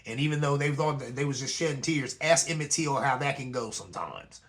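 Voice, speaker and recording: A man hosts his own talk show, giving a casual commentary monologue in a loose, conversational style and often asking "you know what I'm saying?" His voice is medium-pitched, fairly quick, and a bit bright.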